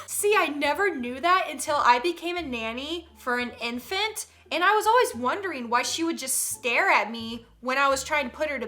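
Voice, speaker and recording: Bright high-voiced woman joking on camera. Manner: animated, laughing often, jumps into loud put-on voices. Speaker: comedy YouTuber reacting to parenting tweets. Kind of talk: comedic commentary with acted voices.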